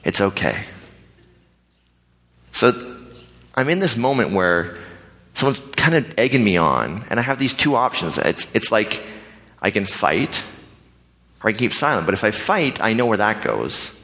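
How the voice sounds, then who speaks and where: A pastor telling a personal story in a conversational, animated way, acting out the other people's lines. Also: male voice, fairly low pitch, normal speed. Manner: animated, conversational, acts out dialogue. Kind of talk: storytelling sermon. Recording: reverberant hall.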